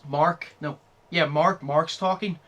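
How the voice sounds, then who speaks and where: A man's voice: fairly high pitch, fairly even intonation, takes it slowly, fairly bright tone. A young man co-hosting a casual podcast, swearing freely and laughing often as he retells comedy scenes. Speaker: podcast co-host.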